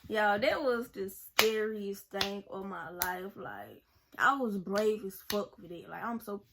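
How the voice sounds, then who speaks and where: A woman's voice: mid-range voice, lively intonation, slow pace, background noise. Young woman, casual storytime vlog, rambling, talking to camera. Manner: rambling, many "like"s and "y'all"s. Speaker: vlogger.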